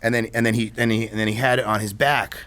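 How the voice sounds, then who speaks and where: A man's voice: on the low side, level tone, quick pace, fairly bright tone. A man telling a story in a casual interview, rambling with many restarts and asides. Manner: rambling, many restarts and "you know what I mean". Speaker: filmmaker guest.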